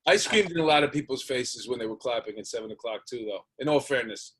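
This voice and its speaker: A man's voice: mid-range voice, animated, fast talker, a bit bright, husky. A man hosting a casual interview, laid-back and joking, laughing often. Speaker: host.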